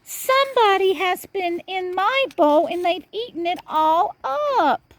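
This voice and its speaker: A woman voicing a tiny, whiny boy bear cub in a squeaky, tearful voice for a read-aloud storybook. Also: expressive, slow, dry recording, exaggerated voice.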